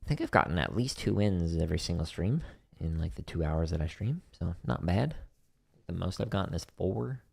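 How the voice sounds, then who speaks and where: A man teaching drum technique on a livestream, explaining exercises step by step and counting patterns aloud in a relaxed, casual way. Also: low voice, moderate pace, gravelly, slightly rough. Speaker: drum teacher on a practice stream. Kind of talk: instructional livestream talk.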